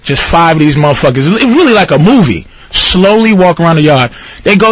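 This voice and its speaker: A man with a fairly high voice tells a long, profane story on a radio show, acting out the people in it. His delivery is animated and loose. The studio sound is dry and close. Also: brisk, no echo. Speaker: guest storyteller.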